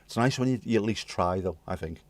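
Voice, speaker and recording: A British man hosts a livestream, cheekily rambling through chat messages with jokes and swearing as he talks to the people in chat. His voice is lowish, creaky and fairly quick, and the recording is dry.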